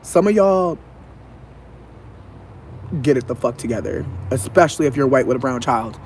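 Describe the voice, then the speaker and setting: A man venting in a casual, profane monologue. He talks animatedly and mimics other people in a high voice. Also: expressive, normal speed, darkish tone, a little hiss or hum. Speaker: vlogger.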